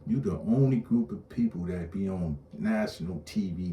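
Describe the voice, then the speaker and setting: A man's voice: sits low, unhurried, hardly any pauses, mellow, slight background noise. A man in a casual, profane rant, blunt and repetitive, heard from a distance in an echoey room. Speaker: online commentator. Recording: roomy echo, distant mic, faint ambience.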